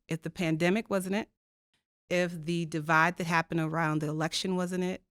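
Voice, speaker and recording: A woman who is a diversity co-chair and faculty member appears as a podcast guest, telling reflective stories earnestly and emphatically and asking rhetorical questions. Her voice is fairly low and fairly bright, with fairly even intonation at normal speed. The recording is dry and studio quality.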